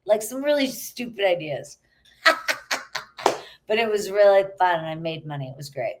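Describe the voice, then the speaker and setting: A woman's voice: mid-range voice, animated, a little slow, very noisy. A middle-aged actress, a woman, chatting casually as a guest and laughing easily. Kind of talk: casual interview chat.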